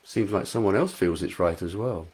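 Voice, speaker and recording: A man's voice: sits low, normal speed, a little mellow, breathy edge. A man reading his romance novel aloud at home, voicing an eager, playful young man. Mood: tender. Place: home front room.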